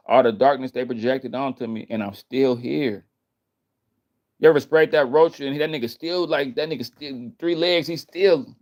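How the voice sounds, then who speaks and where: Man, vlogger, heated rant, profane, repetitive, mid-pitched voice. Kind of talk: heated casual rant to viewers.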